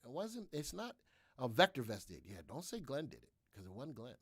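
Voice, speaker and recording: A man's voice: medium pitch, huge pitch swings, normal speed, fairly bright tone, slightly rough, no echo, clean studio sound. A man hosting a live trading room, talking energetically and repetitively through his trades while answering viewers' questions.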